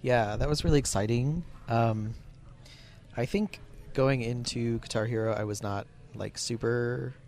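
A physically tired man co-hosting a casual podcast in a hotel lobby, thinking aloud with pauses and restarts. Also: mid-range voice, a little mellow. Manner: hesitant, lots of fillers and restarts while thinking aloud. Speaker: podcast co-host.

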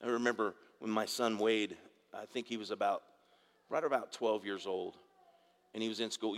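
A man's voice: fairly low pitch, fairly even intonation, fairly quick, fairly bright tone, in a large hall. A middle-aged man preaching a sermon in a conversational way, with asides and questions to the congregation. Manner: conversational preaching with asides and audience call-outs. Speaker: pastor.

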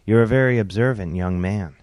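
A man's voice: fairly low pitch, fairly quick, a little mellow, no room sound, clean studio sound, close to an everyday voice. A man reading aloud and voicing an eager, cheerful nudist woman in a comic story. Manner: eager, chirpy.

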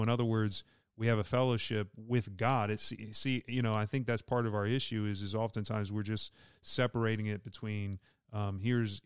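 A man's voice: lowish voice, clean tone, dry recording, studio quality. A man with a Southern US accent, a pastor talking through Bible verses in an easygoing, joking podcast chat. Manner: easygoing, joking, laughs often. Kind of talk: casual podcast Bible discussion.

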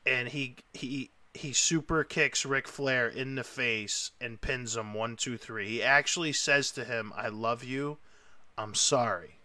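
Excitable man with a bright voice. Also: medium pitch, a little slow, few pauses, dry recording. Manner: excitable and emotional, rambling storyteller. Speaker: podcast host. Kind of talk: casual chat.

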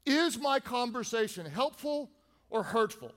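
Animated preacher man in a reverberant hall. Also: extremely high pitch, unhurried. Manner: animated, playful call-and-response with the congregation. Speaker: pastor. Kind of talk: sermon.

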